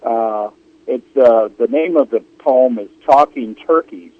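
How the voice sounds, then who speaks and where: Slow, hesitant man on a radio show. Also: mid-range voice. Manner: hesitant, full of restarts. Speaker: regular poet guest. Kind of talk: radio talk show chat. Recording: lo-fi radio sound.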